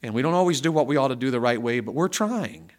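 With stories at its center, this middle-aged man's conversational sermon swings from hushed asides to loud, emphatic build-ups, and he repeats words often. His mid-range voice carries lively intonation at a quick pace.

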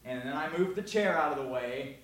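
A man preaching a sermon in a conversational way, often asking "all right?", moving between loud emphasis and quiet, close talk. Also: mid-range voice, animated, brisk. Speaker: pastor.

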